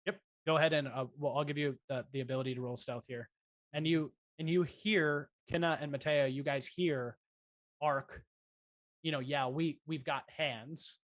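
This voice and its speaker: Guy dming a tabletop game, kinda high voice, lots of ums and restarts, dry room. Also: no room sound. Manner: relaxed, halting, many fillers and restarts. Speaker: dungeon master.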